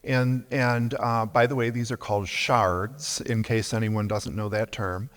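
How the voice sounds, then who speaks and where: A man speaks very slowly and deliberately on a panel, a collector explaining his field with careful pauses. The sound carries the long reverb of a large hall. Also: medium pitch, fairly even intonation, fairly bright tone. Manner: slow, measured, explaining terms. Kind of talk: panel discussion.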